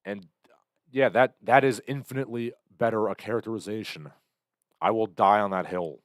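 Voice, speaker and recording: Low-voiced sardonic man live-streaming. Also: a little fast, no room sound, studio quality. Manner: rambling, sardonic, bursts into loud impressions. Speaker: livestream host. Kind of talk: casual commentary reading chat comments.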